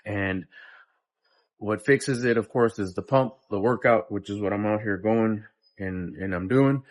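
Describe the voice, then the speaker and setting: A man in his fifties giving a casual, profane motivational talk between workout sets in a day-in-my-life vlog. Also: fairly low pitch. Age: 50s. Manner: blunt, profane and pep-talking. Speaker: vlogger.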